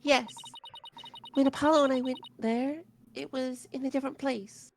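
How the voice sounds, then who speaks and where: A woman's voice: sits high, steady tone, normal speed, vocal fry. A woman reading the lines of a nervous young female witness, hesitant and stammering, over a noisy home mic. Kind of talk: players reading game dialogue aloud.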